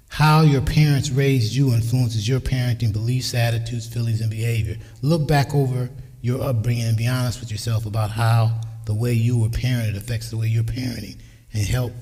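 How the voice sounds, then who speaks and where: Speaking in a church sanctuary whose hall echoes around him, a man in his sixties preaches on parenting. His medium-pitched, warm voice carries anecdotes about his family, and he acts out what they said in his own voice.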